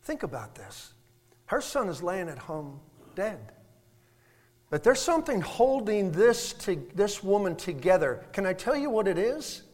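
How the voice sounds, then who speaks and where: A man preaches with emphasis, throwing out rhetorical questions and restarting his phrases. His voice sits high, and a long hall reverb trails every line in the church sanctuary. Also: sing-song, measured pace. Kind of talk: sermon.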